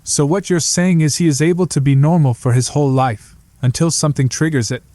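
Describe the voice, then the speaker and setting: A man reads an uneasy young brother whose voice rises a little above the narrator's as he presses his questions, warm and mellow in tone. The recording is close and dry. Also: fairly high pitch, steady tone, a little fast, dry recording, voice pushed up, natural voice. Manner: hesitant, probing questions.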